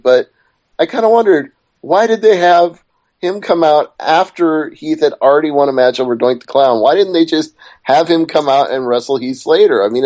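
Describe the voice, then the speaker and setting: Heard through dull lo-fi audio, a man with a slightly high, darkish voice co-hosts a laid-back wrestling podcast. He chats freely, goes off on tangents, then brings the talk back to the topic.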